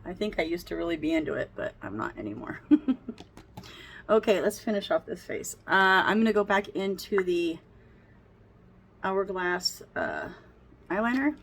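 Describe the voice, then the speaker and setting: This woman's lowish, creaky voice is animated and moves at normal speed, with frequent pauses. She's a beauty vlogger rambling through a casual get-ready-with-me chat at home as she does her makeup, laughing a lot.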